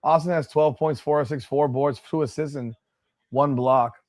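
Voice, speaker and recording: A man's voice: on the high side, steady tone, normal speed, darkish tone. A man hosting a live watch-party stream, calling the plays in a blunt, profane way with exasperated outbursts. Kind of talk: live play-by-play watch-along commentary.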